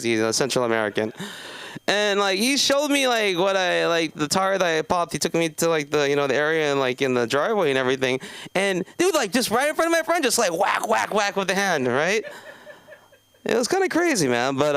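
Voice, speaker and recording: A man's voice: fairly high pitch, gravelly, a bit bright, smooth, no room sound. A man in his thirties from South Los Angeles doing open mic stand-up, rambling with lots of fillers and restarts. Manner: rambling, many fillers and self-interruptions. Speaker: stand-up comedian. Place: comedy club stage.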